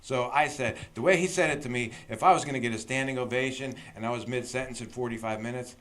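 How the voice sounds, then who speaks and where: A man who is a guest comedian, telling road stories in a casual chat, animated and often laughing. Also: medium pitch, fast.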